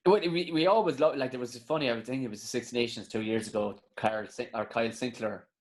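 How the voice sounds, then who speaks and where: A man's voice: mid-range voice, fast. An Irish man, a comedian guest, chatting casually on a podcast, telling stories full of swearing. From Ireland. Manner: swearing, storytelling, acts out quotes.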